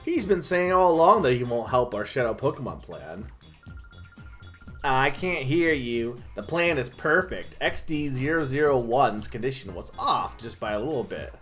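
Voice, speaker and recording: A man's voice: mid-range voice, expressive, moderate pace, fairly bright tone, faint music behind, lightly acted. A man reading aloud as a ditzy, flighty young woman villain from a game, in a gushing singsong manner. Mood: petulant. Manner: gushing, singsong, airheaded phrasing.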